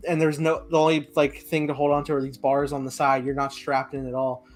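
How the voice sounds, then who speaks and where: A man hosting a podcast, telling stories casually in an animated, joking way. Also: medium pitch, fairly quick. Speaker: podcast host. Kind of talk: casual chat.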